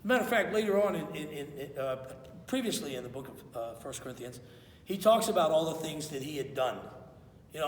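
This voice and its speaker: A man's voice: fairly high pitch, expressive, fairly quick, far from the mic, slight background noise. A man preaching a conversational sermon as pastor in a church, acting out quotes as he goes. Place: church sanctuary. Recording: echoey hall, voice from afar.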